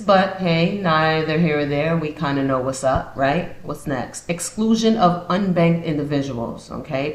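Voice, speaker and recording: A woman hosting a podcast, reading points aloud and then riffing on them with sarcastic asides. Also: low voice. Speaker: podcast host. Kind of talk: casual commentary podcast. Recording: roomy echo.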